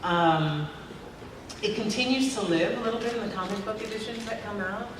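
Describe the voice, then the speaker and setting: An actress fields questions at a convention panel, chatting away with frequent laughter and many fillers, her voice medium-pitched at a moderate pace. It was recorded from a distance in a large, echoey convention hall, and the sound is noisy.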